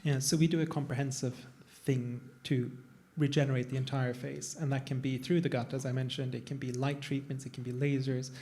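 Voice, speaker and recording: A man's voice: mid-range voice, little pitch movement, fairly quick, hardly any pauses, dark tone. A man, a plastic surgeon, talking casually on a panel to a live audience, digressive and self-deprecating. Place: event room with an audience.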